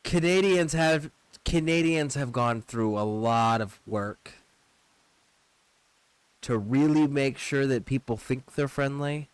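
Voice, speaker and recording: A man's voice: mid-range voice, takes it slowly, smooth, dry recording. A man streaming a video game, reading menus aloud and chatting loosely with casual profanity. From United States. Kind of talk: casual gameplay commentary.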